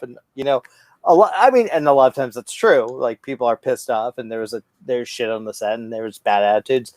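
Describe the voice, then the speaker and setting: A man hosting a casual podcast chat, talking in an animated, rambling way with lots of restarts and swearing. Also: medium pitch, a little fast, no room sound. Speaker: podcast host.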